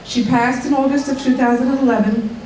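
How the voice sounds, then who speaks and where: A woman's voice: fairly high pitch, fairly even intonation, a little fast, darkish tone, slight background noise. A middle-aged woman with a cold giving a heartfelt award acceptance speech, now and then laughing off her emotion. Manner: heartfelt, breaks off to laugh and recover. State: has a cold. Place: college dining room at an evening event. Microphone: podium mic from a distance. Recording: echoey room, distant mic.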